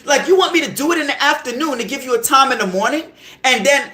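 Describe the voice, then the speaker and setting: A man hosting a podcast, telling a story in a heated, animated rant full of profanity and repeated check-ins with the listener. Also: very high-pitched, quick pace. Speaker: podcast host. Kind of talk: casual storytelling monologue. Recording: roomy echo.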